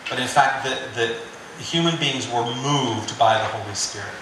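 A man's voice: mid-range voice, a little slow, background noise. A man preaching a sermon in a conversational, joking way. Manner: conversational and joking, with filler "you know". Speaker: pastor. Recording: very echoey room.

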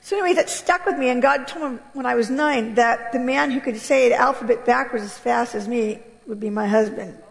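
Woman, high voice, animated and candid church testimony, long hall reverb. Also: brisk, creaky, few pauses. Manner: animated, candid, laughing often. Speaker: guest speaker giving testimony.

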